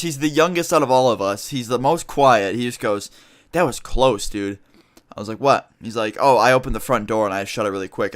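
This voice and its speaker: A man's voice: medium pitch, a bit bright, smooth. A teenage guy telling a story in a casual vlog, rambling and swearing as he acts out what people said. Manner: profane, rambling, recounts with quoted dialogue. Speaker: vlogger.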